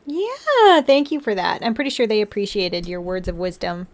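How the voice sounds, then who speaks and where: A woman's voice: lowish voice, lively intonation, brisk. A young woman hosting a model-building livestream, chatting casually and teasing her viewers and pets with frequent giggles.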